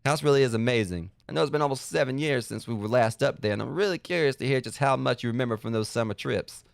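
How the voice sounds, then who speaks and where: A man voicing a middle-aged dad writing a fond letter to his son, in a slow, folksy, cartoonish sitcom-dad manner. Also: medium pitch, vocal fry, no room sound, studio quality, lightly acted. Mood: fond, fatherly.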